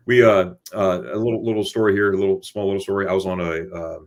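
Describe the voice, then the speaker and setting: A man's voice: sits low, fast talker, few pauses. Chatty male livestream host. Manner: animated storyteller, many restarts. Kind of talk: casual livestream chat.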